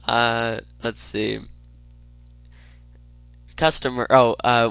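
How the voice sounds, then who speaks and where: A man hosting a casual show, reading funny stories aloud with chuckles and stumbles between quick bursts. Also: medium pitch, steady tone, pushed and bright, smooth, no room sound, low-quality recording. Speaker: podcast host.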